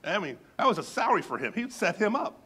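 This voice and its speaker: Animated preacher with a higher voice. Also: male voice, fast talker, husky. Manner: animated storyteller, acts out voices in anecdotes; drops to soft, low emphasis on key words. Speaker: pastor. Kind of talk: sermon.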